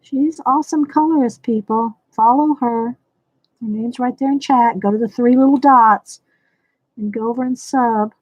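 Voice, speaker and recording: This livestream host demonstrates coloring in a relaxed tutorial, musing aloud and welcoming viewers by name. She speaks at a normal speed in a fairly high, darkish voice, on lo-fi audio without echo.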